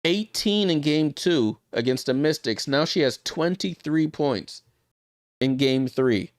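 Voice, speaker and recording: This watchalong host speaks in a fairly high, animated voice and takes his time, addressing viewers directly in a chatty way while commenting on the game live. He gets louder when big plays happen, and the studio-quality audio has no room sound.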